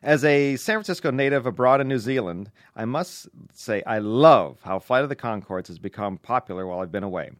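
A man at a middle pitch reads listener letters aloud on a podcast, playful and a little mock-formal. The sound is close and dry, with no room around the voice. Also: lively intonation, brisk, few pauses, no echo. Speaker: podcast co-host reading listener mail. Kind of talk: casual podcast chat, reading letters aloud.

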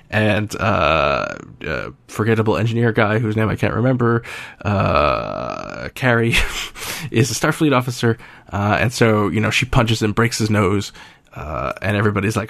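A man's voice: lowish voice, very animated, normal speed, gravelly, fairly bright tone, no echo. A man hosting a podcast, chatting casually and rambling with frequent filler sounds. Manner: rambling, many uh fillers, wry. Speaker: podcast host.

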